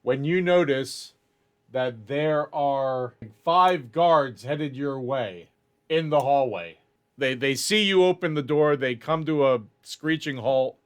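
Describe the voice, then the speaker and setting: A man narrating as game master of a tabletop game, measured and correcting himself as he goes. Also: medium pitch, clean tone.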